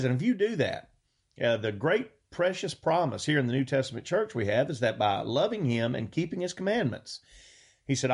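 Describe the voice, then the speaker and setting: A man preaching a sermon, reading scripture slowly and earnestly and stressing key words. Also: medium pitch, slightly rough. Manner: earnest, drawn-out scripture reading with rising emphasis.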